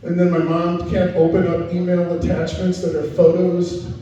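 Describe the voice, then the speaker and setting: A middle-aged man works the crowd at a comedy night with chatty, self-deprecating banter. His voice sits high yet mellow. It is captured from a distance in a booming, echoey room on a muffled recording. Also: completely flat delivery, moderate pace. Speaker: stand-up comedian. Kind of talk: stand-up comedy with crowd work. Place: comedy night venue with a live audience.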